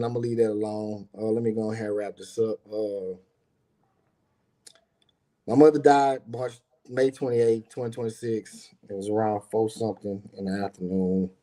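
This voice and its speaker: Middle-aged guy from texas rambling through a personal story, deep mellow voice. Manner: loose, conversational, lots of "you know what I'm saying". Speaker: podcast host telling a personal story. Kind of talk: casual storytelling.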